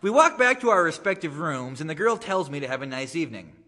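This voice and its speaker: Wry author reading in a gallery. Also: male voice, fairly high pitch, fast. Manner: wry, deadpan humor with animated dialogue. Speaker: guest author giving a reading. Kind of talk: reading his own essay aloud to an audience. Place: art gallery, live reading. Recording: long reverb of a gallery hall.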